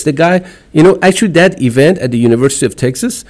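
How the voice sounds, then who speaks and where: A middle-aged man from Iran with an Iranian accent, talking as a podcast guest in an animated, emphatic way, with non-native phrasing. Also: a little high, fast talker. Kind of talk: casual interview chat.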